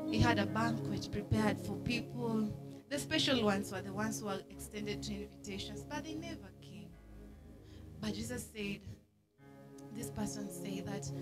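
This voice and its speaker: A Kenyan woman minister speaking earnestly and softly as she leads a closing prayer at a church service. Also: fairly high pitch. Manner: soft, earnest spoken prayer. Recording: loud music behind the voice.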